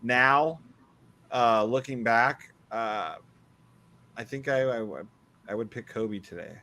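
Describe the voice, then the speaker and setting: A man's voice: mid-range voice, takes it slowly. A man co-hosting a podcast in casual banter, swearing freely and joking sarcastically. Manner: profane, animated, sarcastic. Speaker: podcast co-host.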